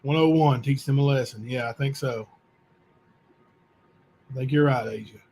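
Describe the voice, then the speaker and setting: A man hosting a channel, reading letters aloud to viewers in a plain, unhurried way with asides. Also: mid-range voice, warm tone, slight background noise. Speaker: channel host.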